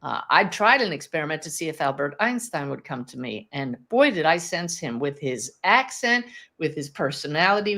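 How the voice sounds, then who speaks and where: Podcast host, woman, medium; lower-pitched, warm storytelling energy, chatty, laughs easily. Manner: enthusiastic, chatty, laughs often. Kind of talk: live Q&A podcast, teaching and storytelling.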